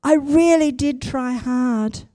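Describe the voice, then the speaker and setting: A woman's voice: sits high, slow pace, dark tone, no room sound, clean studio sound, voice pushed up. Woman doing an anxious little wooden puppet boy. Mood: pleading. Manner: unsure, pleading, breathless questions.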